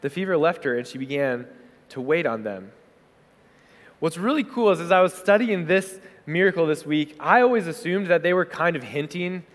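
A man's voice: fairly high pitch, normal speed. Man preaching in a reverberant hall. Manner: conversational, animated preaching with acted asides. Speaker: pastor. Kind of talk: sermon.

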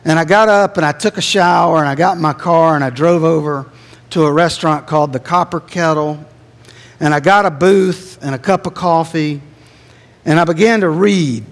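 A middle-aged man preaching a sermon, telling a personal story, his voice swelling and then dropping low. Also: normal speed, big-room sound. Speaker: pastor.

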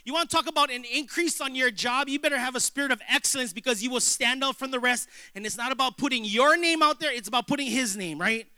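High bright guy preaching, funny animated storyteller, dry close sound. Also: fast, hardly any pauses, no echo. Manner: animated storytelling preacher, jokes and acted-out dialogue. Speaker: pastor. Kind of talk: sermon.

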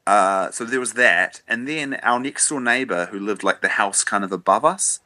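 A man's voice: lowish voice, normal speed, pushed and bright, dry recording. A man in his thirties from New Zealand with a New Zealand accent, chatting as a podcast guest in an easygoing way, laughing often and restarting his sentences. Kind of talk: casual podcast chat.

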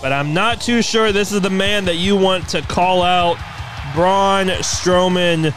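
High-voiced man calling wrestling play-by-play. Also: takes it slowly, slight background noise. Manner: energetic, announcing. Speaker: host narrating as commentator.

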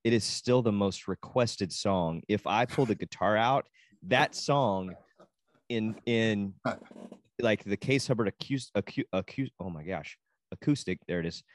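A man in his forties with a low voice, co-hosting a casual podcast as a youth minister and musician. He rambles warmly and laughs easily. The sound is dry and close, with no room echo. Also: unhurried.

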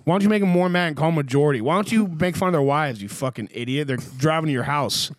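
A man's voice: on the high side, fast, no echo, studio quality. A man hosting a casual podcast chat, profane and rambling, with lots of "like" fillers. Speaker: podcast host.

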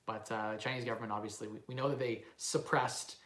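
A man's voice: mid-range voice, fairly even intonation, fairly quick, fairly bright tone. Rambling man in an echoey room. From Canada. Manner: rambling, self-assured, many fillers and restarts. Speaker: livestream host, real estate investor. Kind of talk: casual livestream chat with live Q&A.

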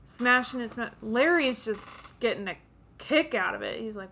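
A woman's voice: on the high side, expressive, moderate pace, gravelly, sharp tone, a little hiss or hum. A woman co-hosting a podcast, casually narrating film scenes step by step and quoting characters. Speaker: podcast co-host. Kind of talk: casual chat recapping a film.

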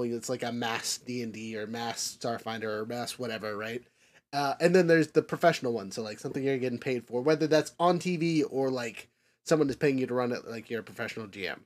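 A man's voice: medium pitch, a little mellow. A man hosting a casual podcast chat in a mid-range voice. He rambles through fillers and restarts, drifting into nerdy tangents and laughing them off. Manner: rambling, filler-heavy, self-correcting. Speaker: podcast host.

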